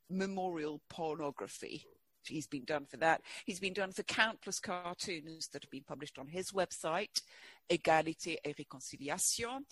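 A man being interviewed as a guest, talking in a halting way with many fillers and restarts. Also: fairly high pitch, a bit bright. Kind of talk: interview conversation.

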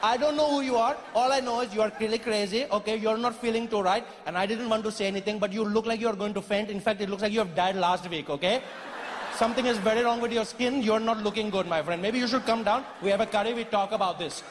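A man's voice: high-pitched, quick pace. A man performing a comedy sketch in a mocking, exasperated tone. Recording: long hall reverb with background noise.

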